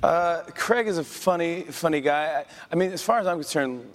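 A man hosting a live audience Q&A, chatty and quick to laugh, often restarting his sentences. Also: a little high. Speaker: late-night talk show host answering audience questions. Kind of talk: casual live Q&A on stage.

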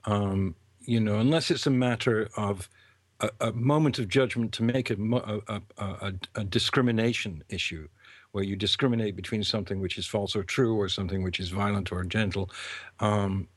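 A man in casual conversation who speaks thoughtfully and haltingly, often restarting his sentences. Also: lowish voice, dry recording.

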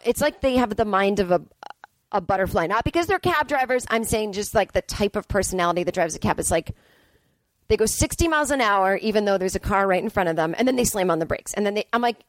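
A woman in her forties hosting a podcast, telling comic stories in a profane, ranting, animated way. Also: medium pitch, fast, no echo. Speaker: podcast host. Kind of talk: comedic storytelling monologue. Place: Brooklyn.

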